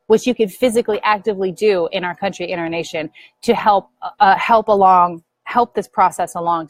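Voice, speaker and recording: A middle-aged woman speaking earnestly to viewers as a spiritual teacher, gently guiding them through a prayer practice. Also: mid-range voice, dry recording, poor audio. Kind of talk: earnest spiritual talk to camera.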